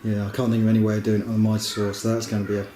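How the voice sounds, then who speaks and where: A man casually narrating his own bathroom building work, plain and practical, with many pauses and fillers. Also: fairly low pitch, completely flat delivery, dark tone, soft background music. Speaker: woodworking vlogger. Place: house under renovation, indoors. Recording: echoey room with noise.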